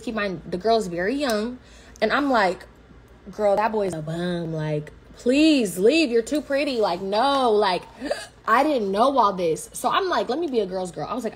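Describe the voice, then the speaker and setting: A young woman, telling a story on a livestream in a blunt, slangy, profane, animated way. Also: medium pitch, a little hiss or hum.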